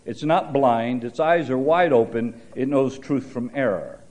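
A man preaching a sermon, mixing scripture with folksy stories and dry humor, shifting his pace and loudness for emphasis. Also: medium pitch, measured pace.

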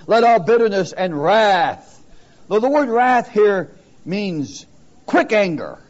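A man preaching a sermon, calling out questions to his listeners and pressing his points with emphasis. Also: high-pitched. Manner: emphatic, calls out questions to the congregation. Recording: dull lo-fi sermon recording.

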